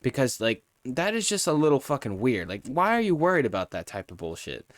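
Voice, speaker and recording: A man's voice: mid-range voice, big pitch swings, brisk, no room sound, clean studio sound. A man streaming live, ranting in a profane, heated, rambling way while reviewing a show.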